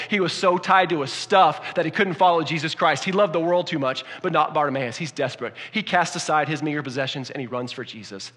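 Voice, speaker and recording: Pastor, male, slightly high voice, delivers a dynamic sermon in a reverberant church hall. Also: fast talker, hardly any pauses, breathy edge. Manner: dynamic, swings from hushed to emphatic.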